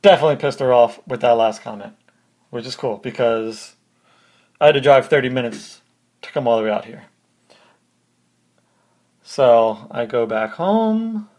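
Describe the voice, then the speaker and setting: A man's voice: mid-range voice, lively intonation, measured pace, long pauses, a little mellow. A man hosting a podcast, telling a personal story in a casual, conversational way, step by step. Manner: conversational, recounts events step by step. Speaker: podcast host.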